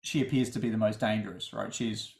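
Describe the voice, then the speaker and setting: A man's voice: lowish voice, fairly even intonation, fairly quick, creaky, echoey room. A man co-hosting a podcast, chatting casually about a film, rambling and restarting his sentences. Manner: rambling, restarts often, chuckles. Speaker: podcast co-host. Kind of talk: casual film review chat.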